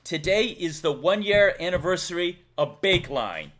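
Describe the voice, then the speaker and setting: A man's voice: high-pitched, expressive, normal speed, fairly bright tone. A talkative man with a Massachusetts accent hosts a laid-back livestream. He laughs easily and chats while reading out donations. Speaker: livestream host. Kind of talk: casual livestream chat.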